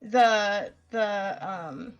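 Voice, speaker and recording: A woman voicing a scruffy young male street lackey in an attempted British accent, halting as she goes. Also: mid-range voice, clean tone, muffled recording, faint music behind. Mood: beckoning. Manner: halting, breaks off laughing.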